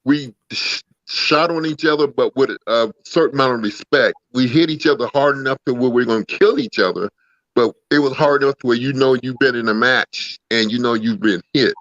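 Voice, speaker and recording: A man's voice: medium pitch, a little fast, fairly bright tone, no echo. Laid-back male guest on a dull line. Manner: laid-back, drawling, calls people "brother" and "man". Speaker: guest, former pro wrestler. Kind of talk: casual storytelling interview.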